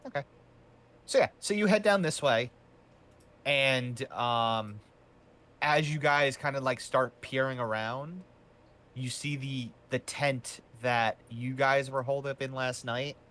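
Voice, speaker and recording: A man's voice: mid-range voice, slow, fairly bright tone. A man narrating as game master of a tabletop game in a loose, meandering way.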